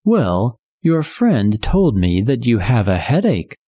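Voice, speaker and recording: A reader voicing a hungry, scheming male cat who pretends to be a doctor, in a slow storybook reading with a raised, sweet-talking voice. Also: medium pitch, very animated, mellow, slightly rough, dry recording, full character voice. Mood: coaxing.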